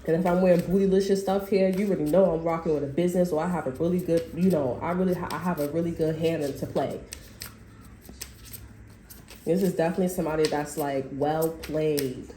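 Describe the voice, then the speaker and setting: There's a warm, low-leaning voice here, steady in tone and quick in pace, belonging to a tarot reader addressing the camera. She reads casually and bluntly with frequent profanity and fillers, and the recording carries a roomy echo and faint background noise.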